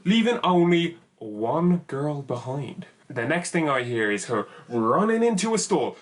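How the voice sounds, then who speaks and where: Young man, fairly high voice, lively comic storytelling, swooping intonation. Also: measured pace, hardly any pauses. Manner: animated, exaggerated comic storytelling. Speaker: YouTuber. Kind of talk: comedic story time.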